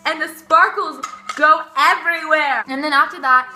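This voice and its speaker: A teenage girl, excitedly telling a story in her vlog, gushing and full of "like". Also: sits high, moderate pace, roomy sound, soft background music. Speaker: vlogger.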